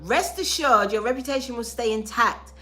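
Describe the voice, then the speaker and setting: A young woman giving a live tarot reading to viewers, loud, profane and animated, with a sore throat. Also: fairly high pitch, normal speed, soft background music. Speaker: tarot reader.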